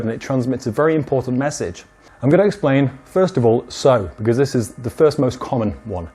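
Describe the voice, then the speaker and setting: A man gives an English lesson, explaining things slowly and acting out brief spoken examples with lively emphasis on key words. His voice sits in the mid range and has a slight roughness.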